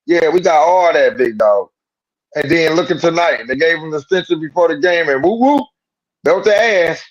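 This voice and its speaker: A man co-hosting a sports call-in show, talking in a loose, slangy, animated way and riffing on jokes. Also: a little high, moderate pace, dull audio. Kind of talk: casual sports talk.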